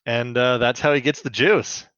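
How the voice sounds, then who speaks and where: A man's voice: mid-range voice, fairly even intonation, normal speed, fairly bright tone, no room sound. Joking man on a dull lo-fi mic. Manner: joking, laughs often. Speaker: podcast co-host. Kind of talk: casual episode recap chat.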